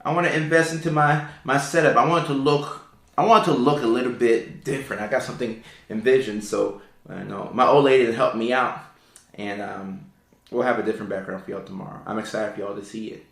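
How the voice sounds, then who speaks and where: A man hosts a casual live stream from a room in his home, reading out viewer questions and explaining neurodivergence with plenty of fillers and repeated words. His voice is gravelly and a bit bright, with fairly even intonation and a slightly fast pace, and the room is reverberant. He describes his own voice as sultry and low.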